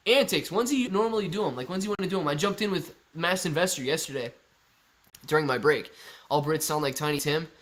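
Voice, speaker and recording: Guy hosting a live stream, reading chat, joking around, kinda high voice. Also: brisk, fairly bright tone. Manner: joking, chatty, reads chat messages aloud. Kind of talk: casual live chat reading viewer comments.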